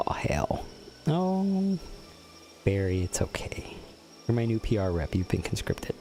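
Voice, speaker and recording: Young male streamer, low-pitched and easygoing, reading chat aloud over faint cricket noise. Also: big pitch swings, unhurried, warm tone. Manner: chatty, reads chat aloud and teases viewers. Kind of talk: casual gameplay commentary.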